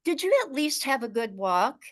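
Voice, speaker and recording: A man's voice: extremely high pitch, lively intonation, moderate pace. A woman voicing her cheerful, oblivious husband in a told story. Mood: breezy. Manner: breezy, oblivious.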